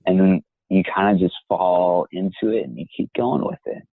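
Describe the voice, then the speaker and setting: A young man, a voice actor, talking in a measured, reflective and encouraging way as an interview guest. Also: low voice, breathy edge, no room sound. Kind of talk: interview conversation. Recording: tinny phone-like line.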